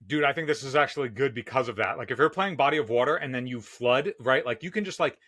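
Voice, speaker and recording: A man's voice: mid-range voice, quick pace, fairly bright tone, no echo. A man co-hosting a casual card game podcast, laid-back and saying "dude" a lot. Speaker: podcast co-host.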